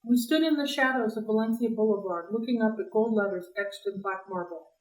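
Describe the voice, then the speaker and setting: A woman reading a novel aloud for a library read-along, in a lively, expressive way. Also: a little high, a little fast, few pauses. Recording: roomy, distant mic.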